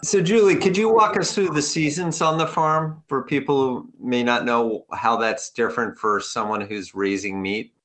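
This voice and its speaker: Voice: medium pitch, normal speed, few pauses, fairly bright tone. A radio co-host asking a guest questions, curious and lightly teasing. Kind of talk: radio interview.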